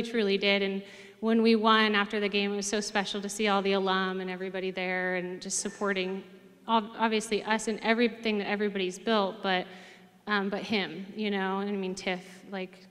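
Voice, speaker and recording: A middle-aged woman, a former player and coach, telling lively stories with many fillers in an interview. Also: mid-range voice. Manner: animated storyteller, many fillers. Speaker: hall of fame inductee, former player. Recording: reverberant hall.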